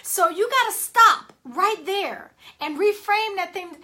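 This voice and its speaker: High, bright-voiced woman coach. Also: slow, few pauses. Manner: lively and emphatic, greets viewers. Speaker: motivational speaker and coach. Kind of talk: live-streamed motivational talk.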